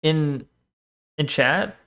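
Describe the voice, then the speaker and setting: Casual rambling male streamer, higher voice. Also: drawn-out words, fairly bright tone, clean tone. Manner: rambling, swears often, reads chat aloud.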